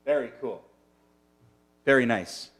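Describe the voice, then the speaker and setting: A man's voice: medium pitch, slow pace, fairly bright tone. A man teaching as a rabbi in a casual online lunch-and-learn, chatty and digressive, often asking his listeners questions.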